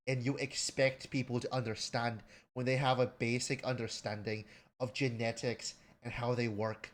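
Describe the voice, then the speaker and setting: Rambling, profane male streamer. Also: moderate pace. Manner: rambling, profane, stumbling restarts; jumps to loud, high excited bursts with laughter. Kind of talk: casual livestream rant.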